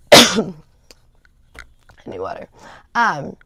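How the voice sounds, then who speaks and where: A woman's voice: lowish voice, huge pitch swings, extremely slow, a bit bright, husky. A woman chatting casually on a livestream, rambling with lots of fillers and laughter. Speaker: livestream host. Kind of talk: casual chat.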